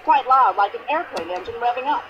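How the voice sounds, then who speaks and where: An actress playing a pushy, indignant older American widow in a mystery video game, complaining at length in a shrill voice. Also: female voice, lively intonation, fairly quick, lo-fi sound, background noise, lightly acted. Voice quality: shrill, complaining, long-winded.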